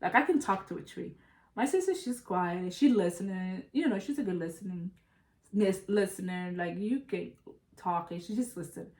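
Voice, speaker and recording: A young woman telling a story in casual chat, animated and profane, calling her listeners "y'all". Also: medium pitch, moderate pace. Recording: roomy echo.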